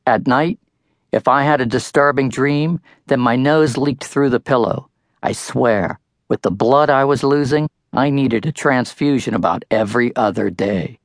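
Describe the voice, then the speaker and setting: A man's voice: medium pitch, unhurried, no room sound, clean studio sound. Wry older man reading an audiobook. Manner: wry, storytelling first-person narration. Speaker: author-narrator. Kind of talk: audiobook narration.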